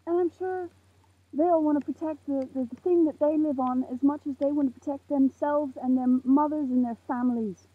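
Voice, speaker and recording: An eighteen-year-old woman ranting to camera outdoors at night, heated and swearing, with a very husky voice. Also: sits high, steady tone, brisk, no room sound. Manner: heated, swearing, preachy outbursts. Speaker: vlogger. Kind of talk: impassioned rant to camera. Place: outdoors in a parking lot at night under a makeshift roof. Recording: tinny phone-like lo-fi sound.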